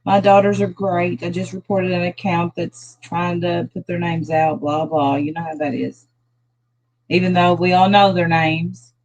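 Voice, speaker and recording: A woman's voice: lowish voice, steady tone, a little slow, darkish tone, highs cut off. A tired, sad-sounding middle-aged woman, rambling loosely through a casual phone livestream as she greets her viewers one by one. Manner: loose, rambling talk with restarts. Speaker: livestream host.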